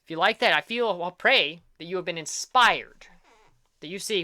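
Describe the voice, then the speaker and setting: A young man talks casually as an art vlog host, rambling and upbeat as he pokes fun at his own work. His voice is bright and smooth. The recording is dry and close, with no room echo. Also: sits high, brisk. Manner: rambling, self-deprecating, upbeat. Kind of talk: casual chat.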